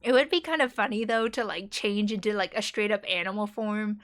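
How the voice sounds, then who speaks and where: A woman's voice: medium pitch, fairly quick, a bit bright. A young woman streamer chatting casually with her viewers, rambling and giggling and dropping playful slang.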